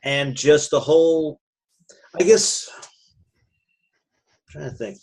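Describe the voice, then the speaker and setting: A man's voice: fairly high pitch, drawn-out words, darkish tone, husky. A man co-hosting a podcast, chatting casually about a movie in an easygoing way. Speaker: podcast co-host. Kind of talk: casual chat.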